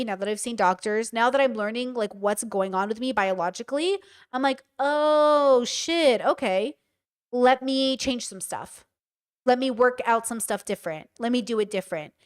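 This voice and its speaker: A woman's voice: a little high, clean tone. A woman in her thirties hosting a casual livestream, talking candidly and swearing freely as she answers her chat. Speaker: streamer host.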